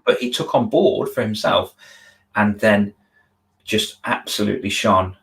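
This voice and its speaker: A man's voice: fairly low pitch, measured pace, creaky, a bit bright, poor audio. A man, a confidence coach hosting a video-call interview, telling stories earnestly and with feeling, often restarting his sentences. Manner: earnest, emotional storytelling with many restarts. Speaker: confidence coach, podcast host. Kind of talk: conversational interview, storytelling.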